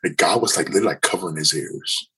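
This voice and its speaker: A man telling a personal story in an interview, earnest and halting, often restarting his sentences. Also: deep voice, bright, forceful tone, breathy edge, poor audio. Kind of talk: candid personal testimony.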